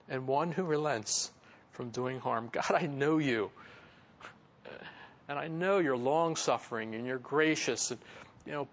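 A man's voice: on the high side, creaky, a bit bright. A man preaching a sermon in a casual, conversational way, with chuckling asides and frequent fillers. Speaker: pastor. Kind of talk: expository sermon.

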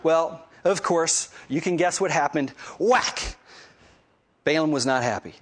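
A man's voice: fairly high pitch, normal speed. Chatty man retelling Bible stories. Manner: conversational, lots of fillers, animated storytelling. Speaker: Bible study teacher. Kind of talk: casual Bible lesson.

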